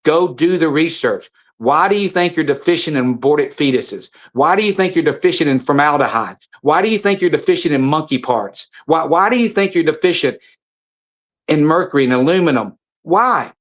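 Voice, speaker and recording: A middle-aged man appearing as a guest, a supplement seller, delivers an impassioned, preachy monologue, repeating phrases and restarting sentences. His voice is a little high, animated and brisk, and the recording sounds muffled.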